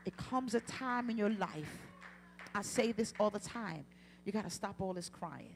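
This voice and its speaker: A woman preaching a sermon in a church, swinging from quiet to loud, passionate peaks, with humorous asides. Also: medium pitch, animated, unhurried, vocal fry, slight background noise. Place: church sanctuary.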